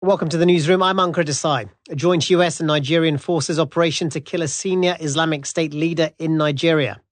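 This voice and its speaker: A male news presenter reading scripted headlines in a crisp, formal way. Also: on the high side, steady tone, a little fast.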